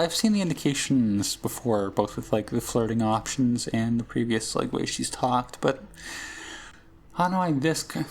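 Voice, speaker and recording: A man's voice: medium pitch, gravelly, a little mellow. A young man hosting a let's play, thinking aloud hesitantly with lots of filler words. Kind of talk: casual gaming commentary.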